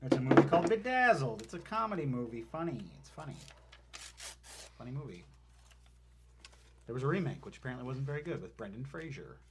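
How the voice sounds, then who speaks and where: A man's voice: mid-range voice, very animated, brisk, pauses often, noisy background. A man hosting a casual live show, chatting and reading viewer messages aloud. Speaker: show host. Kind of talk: casual live-stream chat.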